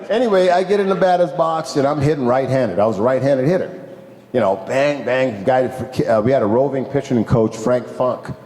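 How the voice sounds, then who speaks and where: An older man from Jamaica, a former ballplayer telling animated stories to a crowd, acting out the people he quotes, laughing often and swearing. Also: medium pitch, normal speed. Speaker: former pro ballplayer, guest speaker. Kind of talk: casual storytelling to a crowd. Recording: echoey hall with long reverb.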